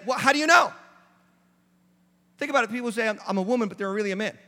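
A man's voice: very high-pitched, brisk, long pauses, sharp tone. A middle-aged man preaching a sermon as lead pastor, emphatic and building in intensity, speaking in a church sanctuary. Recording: long reverb of a large hall.

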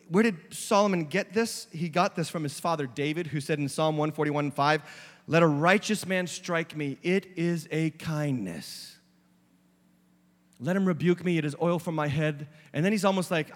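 A middle-aged male pastor preaching with emphatic force, his voice high and bright as it rises and presses each point. It carries through a large sanctuary with a long reverb trailing behind it. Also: moderate pace. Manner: emphatic, preaching with rising intensity. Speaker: lead pastor. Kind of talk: sermon. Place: church sanctuary.

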